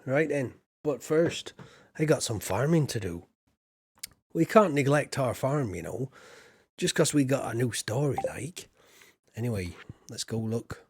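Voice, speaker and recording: A man's voice: medium pitch, expressive, unhurried, long pauses, husky. A man streaming a farming game, chatting in a rambling, jokey, homely way as a folksy farmer persona. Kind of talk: casual let's-play chat.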